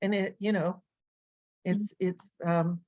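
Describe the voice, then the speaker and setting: A woman language coach and educator, telling stories in an animated, energetic way during a casual interview. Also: fairly low pitch, slow, lo-fi sound. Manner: animated, energetic storyteller who acts out voices.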